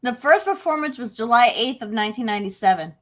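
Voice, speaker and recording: A woman's voice: a little high, lively intonation, fast, a bit bright. A woman with a South Jersey accent in a casual podcast chat, joking and chiming in with facts.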